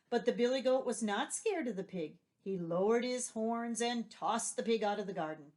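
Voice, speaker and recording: A woman's voice: on the high side, animated, normal speed, a little mellow. A woman teacher reading a children's story aloud and patiently explaining vocabulary and asking questions. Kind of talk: read-aloud vocabulary lesson.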